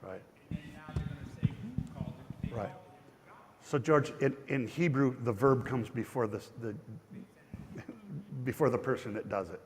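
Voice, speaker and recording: A man's voice: medium pitch, takes it slowly, pauses often, slight background noise. A male pastor giving a chatty, digressive Bible study, with frequent restarts. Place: church. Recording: church hall reverb.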